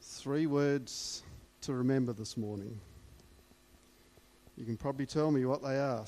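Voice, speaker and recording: A man's voice: mid-range voice, steady tone, normal speed, dark tone. A man preaching a sermon, emphatic and repeating key words for weight.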